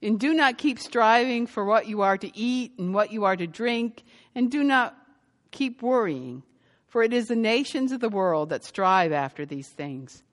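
A woman pastor giving a sermon and telling a story, growing lively as she recounts it. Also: mid-range voice, normal speed, long reverb tail. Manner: storytelling, lively when quoting.

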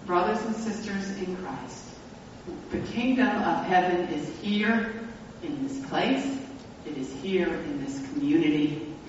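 A pastor telling a story in a sermon, speaking reflectively and slowing down for emphasis. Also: mid-range voice, a little hiss or hum. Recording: echoey hall, distant mic, dull sound.

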